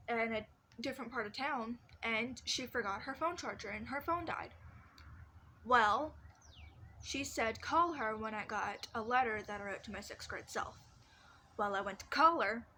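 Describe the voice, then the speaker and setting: With a fairly high, sharp-toned voice, a young woman in her teens tells personal stories on a casual bedroom vlog. Her talk rambles with frequent restarts and fillers, and a little hiss or hum sits under the recording.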